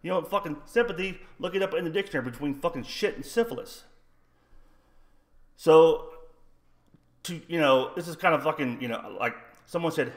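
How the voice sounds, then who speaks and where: A man's voice: a little high, expressive, normal speed, long pauses. A retired man telling a rambling, profane story on his own livestream in a blunt, combative way. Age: older. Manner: blunt, rambling, heavy swearing. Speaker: livestream host.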